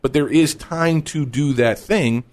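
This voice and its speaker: A man's voice: on the high side, measured pace. A man with a Texas accent hosting a radio talk show, talking in an emphatic, conversational way into a studio microphone.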